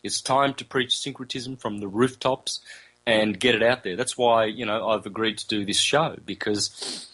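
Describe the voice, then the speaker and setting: A man with a fairly low voice holds forth as an interview guest. He explains in a relaxed, rambling way, circling back to repeat phrases. He slows down to sound out single vowels, with casual fillers and self-corrections along the way. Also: rough recording.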